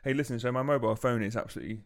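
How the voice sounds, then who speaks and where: Gravelly man, dry and teasing. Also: medium pitch, very fast. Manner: dry, teasing, rough-edged. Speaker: podcast co-host. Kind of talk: casual chat.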